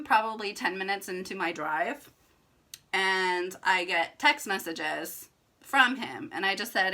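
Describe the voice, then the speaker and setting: A woman's voice: mid-range voice, takes it slowly, sharp tone. A young adult woman telling a personal story to her viewers in a chatty, emphatic way, full of "like" fillers. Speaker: vlogger. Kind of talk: casual storytelling to camera.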